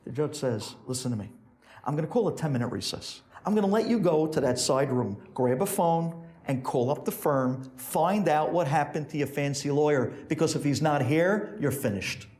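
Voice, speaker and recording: A man's voice: animated, normal speed, a little mellow. A man, a rabbi, telling a sermon story and acting out each character's voice. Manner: acts out characters with big pitch swings.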